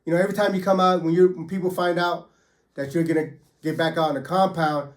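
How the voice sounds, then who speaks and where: A man's voice: fairly high pitch, flat delivery, fast talker. A man who was once a federal prisoner tells his stories in casual first person, with profane street slang and many fillers.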